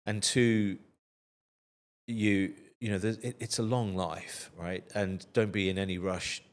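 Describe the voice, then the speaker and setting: A man's voice: fairly low pitch, level tone, measured pace. A man in his fifties, an interview guest who speaks thoughtfully with frequent restarts and hesitations. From United Kingdom. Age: 50s. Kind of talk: casual interview chat.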